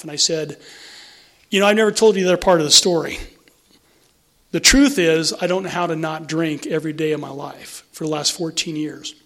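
A man's voice: fairly high pitch, sharp tone. A middle-aged man frankly telling his own story in conversation, emphatic and swearing freely. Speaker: guest sharing recovery story. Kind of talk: personal storytelling in an interview.

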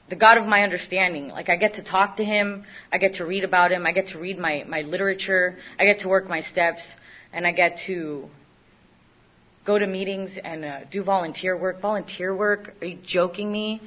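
A young woman giving a candid, self-mocking personal recovery testimony, often stopping and restarting her sentences. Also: fairly low pitch. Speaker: recovery speaker. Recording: dull lo-fi recording.

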